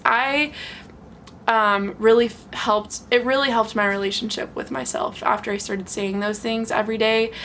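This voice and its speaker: A young woman in her twenties talking casually and frankly to the camera at home, animated and laughing often. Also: on the high side, slight background noise. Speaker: vlogger.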